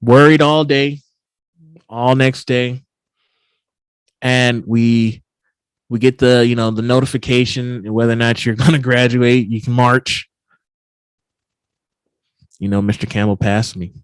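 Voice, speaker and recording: A man giving a keynote at a virtual summit, telling a personal story in an animated, emphatic way. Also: medium pitch, measured pace, long pauses, smooth, no echo. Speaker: keynote speaker. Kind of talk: storytelling talk.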